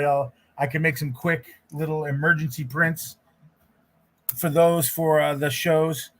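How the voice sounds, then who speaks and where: Casual male streamer, chatting while he draws, loose and rambling, full of restarts. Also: on the high side. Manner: rambling, relaxed, frequent restarts. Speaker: livestream host, artist. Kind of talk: casual livestream chat while drawing.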